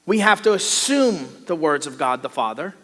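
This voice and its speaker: A man preaching a sermon as a pastor, animated, acting out the voices of the people he describes. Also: on the high side, moderate pace. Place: church sanctuary. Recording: long hall reverb.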